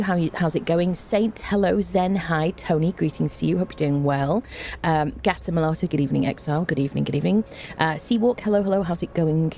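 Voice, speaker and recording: A woman's voice: deep voice, mellow, slight background noise. A tired woman game streamer in casual live-stream chat, bubbly and chatty as she greets her viewers one by one with repeated hellos.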